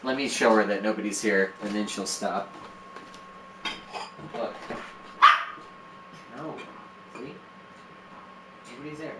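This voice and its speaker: With a fairly low voice, a man speaks slowly and pauses for long stretches while streaming his game-building, mocking himself at every step. The audio is very noisy, echoey, and a bit distant from the mic, and a dog barks in the room.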